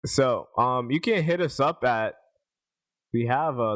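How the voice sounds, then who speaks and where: A male podcast host with a lowish voice talks in a loose, joking way. He rambles and stumbles over his words with plenty of ums and likes. He sounds like he is having an easy chat with friends. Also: fairly even intonation, unhurried. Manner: loose, rambling, jokey, with many fillers.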